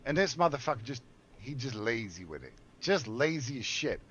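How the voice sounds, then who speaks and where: A man's voice: mid-range voice, sing-song, moderate pace, a bit bright, breathy edge, highs cut off. Profane older man telling a rambling story. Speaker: gaming streamer. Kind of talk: casual storytelling while gaming.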